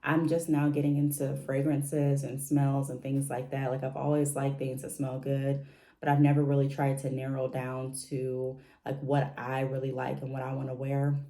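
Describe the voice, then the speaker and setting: A woman's voice: very deep voice, completely flat delivery, normal speed, warm tone. A woman chatting casually in a home vlog, rambling a little with fillers and restarts as she talks through her picks. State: briefly out of breath after stairs. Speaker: vlogger.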